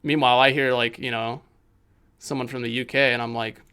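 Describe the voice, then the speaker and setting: A man's voice: mid-range voice, little pitch movement, a little fast, clean tone. A young American man streaming, chatting casually in a rambling, slangy way with loose swearing. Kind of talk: casual livestream chat. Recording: loud music playing under the voice. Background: loud electronic music.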